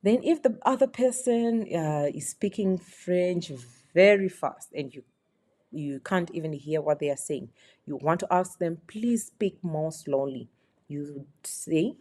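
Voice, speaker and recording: Slow, low-voiced woman teaching phrases. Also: lively intonation, mellow. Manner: slow, patient explaining with repeated examples. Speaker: French teacher.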